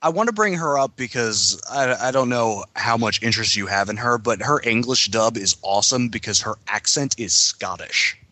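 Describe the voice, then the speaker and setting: A man's voice: mid-range voice, lively intonation, normal speed, hardly any pauses, sharp tone, no room sound. A man co-hosting a casual podcast chat with wry, joking asides.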